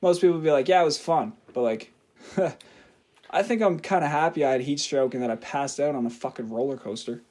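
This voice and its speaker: A man's voice: mid-range voice, a little fast, darkish tone. A young man, co-hosting a podcast, laid-back and laughing often as he swears casually. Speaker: podcast co-host. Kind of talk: casual chat.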